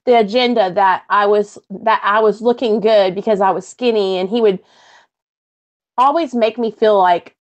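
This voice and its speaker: A woman guest recounting her own hard past, emotional and halting. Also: mid-range voice, fairly even intonation, muffled recording. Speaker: guest sharing her story. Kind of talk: personal testimony on a stream.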